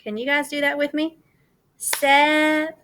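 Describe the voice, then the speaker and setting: Bright, high-voiced kindergarten teacher. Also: female voice, moderate pace, a little hiss or hum. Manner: cheerful, sing-song, coaxing young children. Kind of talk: online class morning meeting. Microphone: video call.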